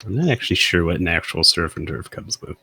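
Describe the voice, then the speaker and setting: A lower-voiced man with a gravelly, husky edge, chatting and joking at a tabletop game. His pitch swings a lot as he talks. The sound is dry and close. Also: expressive, fast talker, bright, forceful tone. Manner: joking, slips into character lines. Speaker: player. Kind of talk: casual tabletop game chat.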